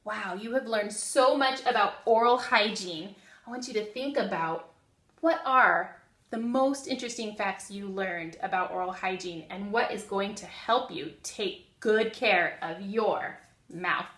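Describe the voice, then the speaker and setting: Slow, echoey woman teaching first graders. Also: mid-range voice, fairly bright tone. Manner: slow, drawn-out, call-and-repeat teaching. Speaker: guest teacher. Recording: echoey room, voice from a distance.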